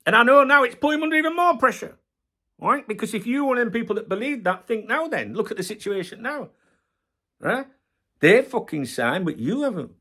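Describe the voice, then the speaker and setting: A man's voice: very high voice, big pitch swings, a little fast, sharp tone. Middle-aged guy ranting hard, lots of swearing, voice goes up and down all over. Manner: passionate, swears heavily, ranting. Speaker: football channel host. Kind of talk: casual video rant.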